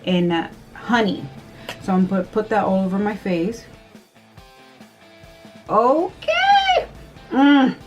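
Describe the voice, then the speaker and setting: A woman vlogger chatting casually through a makeup tutorial, nervous and excitable, gasping and squealing often. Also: medium pitch, moderate pace, highs cut off, over music. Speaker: beauty vlogger.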